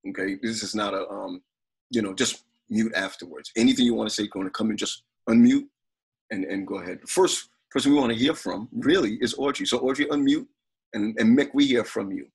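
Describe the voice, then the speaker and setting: Man, deep-ish and gravelly, hosting a family video call; halting delivery. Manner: halting, with many restarts and fillers. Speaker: family call host and prayer leader. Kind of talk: prayer, then casual video call hosting.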